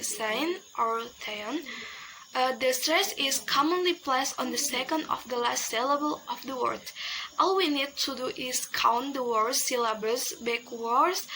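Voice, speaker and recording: A young woman whose first language is Indonesian, presenting an English pronunciation lesson slowly and haltingly, repeating each example word with many fillers. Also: high voice, pushed and bright, a little hiss or hum, poor audio. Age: young adult. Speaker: student presenter.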